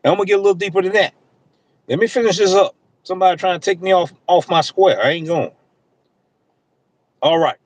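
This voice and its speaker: A man's voice: sits high, a little fast, long pauses, rough recording. A man who drives deliveries, talking to viewers on a livestream in passionate, preachy, slang-filled casual speech. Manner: impassioned, preachy, talks straight at the audience.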